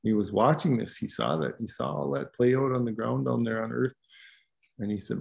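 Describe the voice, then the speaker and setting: A man from Wisconsin tells a traditional story over a video call. His voice is gravelly and sits at a middling pitch. He talks unhurriedly, with pauses, fillers and repeated words. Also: darkish tone. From Wisconsin, USA.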